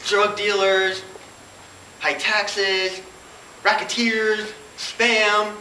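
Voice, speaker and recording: A woman's voice: medium pitch, little pitch movement, drawn-out words, pushed and bright, roomy sound, recorded from a distance, a little hiss or hum, rough recording. A woman delivering a comic competition speech in mock-grand oratory. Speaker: competition speaker.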